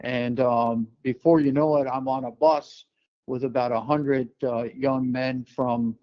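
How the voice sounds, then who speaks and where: A man's voice: mid-range voice, unhurried. Older man, from New York, rambling story with restarts, muffled lo-fi sound. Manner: relaxed anecdotal telling with many fillers and restarts. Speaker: guest. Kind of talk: storytelling interview.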